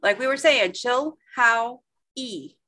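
A woman chatting as a guest on a casual sewing livestream, with quick joking asides. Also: on the high side, expressive, a bit bright. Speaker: guest sewer.

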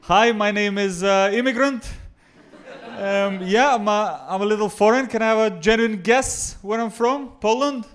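A young Macedonian man with a Macedonian accent performing a stand-up comedy set in a club, mixing deadpan jokes with crowd work. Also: high voice, moderate pace, clean tone. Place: comedy club before a live audience.

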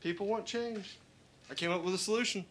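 A young man doing a profane stand-up set, telling stories in a deadpan way. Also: high voice, brisk. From Roswell. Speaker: stand-up comedian. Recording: live club recording with background noise.

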